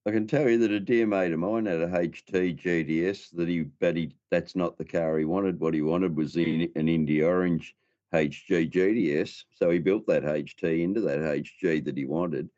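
Very deep, dark-voiced Australian man. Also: steady tone, moderate pace, no room sound, muffled recording. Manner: laid-back, says "bloody" and "mate". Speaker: co-host. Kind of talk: casual car podcast chat.

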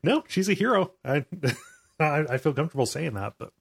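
A man's voice: a little high, sing-song, normal speed, creaky, slightly rough, no echo. Man, podcast host, stammering, repeats words, dry close sound. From Ohio, US. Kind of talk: casual chat.

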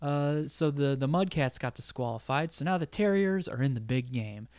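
A man's voice: a little high, darkish tone, smooth, dry recording, clean studio sound. A man co-hosting a podcast, casually recapping a film's plot with frequent laughs. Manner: recaps the plot, laughs often, quotes lines in quick bits. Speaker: podcast co-host recapping a film. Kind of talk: casual chat.

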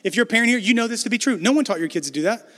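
A man in his thirties preaching a sermon as a pastor, animated and acting out dialogue as he tells stories. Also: sits high, very fast. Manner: animated storytelling, acts out dialogue. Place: church sanctuary. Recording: long hall reverb in a church.

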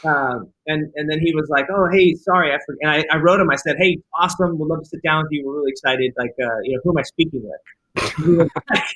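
Male director, rapid and bright, playing out the dialogue as he tells it. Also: fairly high pitch, rough recording. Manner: animated, acts out quoted dialogue. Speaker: film director. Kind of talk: casual interview storytelling.

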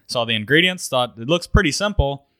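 A man co-hosting a podcast, chatting casually, relaxed and chuckling as he thinks aloud. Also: medium pitch, fairly quick, no echo, studio quality. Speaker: podcast co-host. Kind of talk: casual chat about cocktails.

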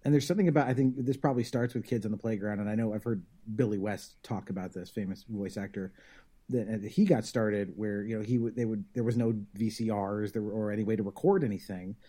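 A man's voice: lowish voice, fairly even intonation, quick pace, mellow. A man chatting on a podcast in a thoughtful, explanatory way. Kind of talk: casual podcast chat.

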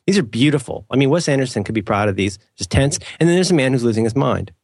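A man's voice: mid-range voice, lively intonation, fast, darkish tone, breathy edge, no room sound. Rambling, joking man in dry sound. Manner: rambling, self-mocking, playful mock-formal asides. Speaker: podcast co-host. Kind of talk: casual chat.

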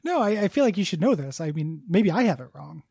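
A man hosting a podcast, bantering playfully and quickly, often laughing along. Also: fairly high pitch, sing-song, creaky, dark tone, breathy edge, no room sound, clean studio sound. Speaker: podcast host. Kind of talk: improvised comedy banter.

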